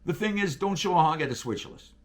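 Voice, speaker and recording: A man telling railroad stories in casual chat, animated and profane, acting out radio calls. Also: sits high, fast, a little hiss or hum. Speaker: guest, railroader.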